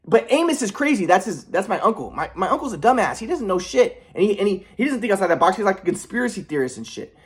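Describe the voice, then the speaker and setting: A young man talking quickly in an agitated, rambling monologue, swearing as he goes. His pitch jumps around a lot. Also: sing-song. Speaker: vlogger. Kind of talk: casual monologue.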